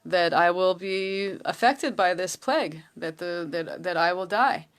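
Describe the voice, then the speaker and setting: A woman's voice: on the low side, unhurried. A woman voicing a frightened, pleading ancient Egyptian king in a retold story. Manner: pleading, trembling, then proclaiming.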